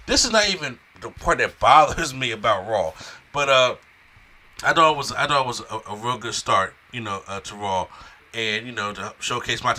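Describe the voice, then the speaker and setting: A man casually recapping a wrestling show episode in a rambling, animated way, with frequent restarts and fillers. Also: medium pitch.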